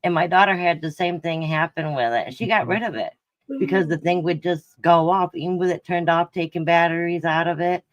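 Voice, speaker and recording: A man's voice: on the high side, fairly quick, dry recording, highs cut off. An older man calling in to tell a personal ghost story in a plainspoken way. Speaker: caller.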